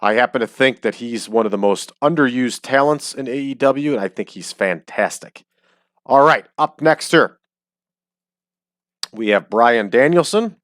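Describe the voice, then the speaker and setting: A man's voice: mid-range voice, expressive, unhurried, fairly bright tone, no room sound, studio quality. A man giving casual, chatty commentary while he plays a game, joking and using frequent ums. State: hiccups. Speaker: game streamer. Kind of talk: casual let's-play commentary. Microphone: desk microphone.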